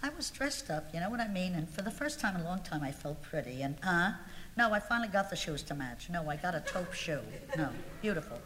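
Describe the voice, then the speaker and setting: A woman's voice: lowish voice, very animated, brisk, fairly bright tone, in a large hall, a little hiss or hum. A woman performing a comic monologue to a live audience, confiding and aggrieved, building to indignant outbursts. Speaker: comic storyteller.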